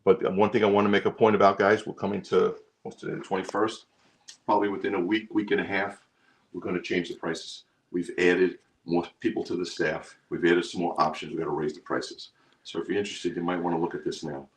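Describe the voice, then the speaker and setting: A man's voice: low-pitched, little pitch movement, a little fast. A man hosting a live stream for his trading group, talking emphatically and repeating himself. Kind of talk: live stream sales pitch.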